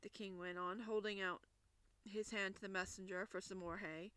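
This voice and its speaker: A woman reading a classic children's book aloud, in lively narration with small restarts. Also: mid-range voice, normal speed, smooth, no room sound. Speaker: storybook reader.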